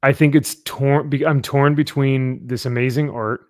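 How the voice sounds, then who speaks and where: A man's voice: medium pitch, little pitch movement, moderate pace, darkish tone, dry recording, clean studio sound. A man hosting a casual comic book chat, rambling with many fillers and laughs. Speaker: podcast host. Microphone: headphones and desk mic.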